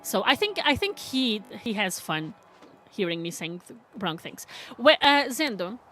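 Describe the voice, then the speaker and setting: A woman's voice: mid-range voice, sing-song, a little slow, a bit bright, slight background noise. A woman live streaming, chatting casually with viewers, laughing often and reading their messages aloud.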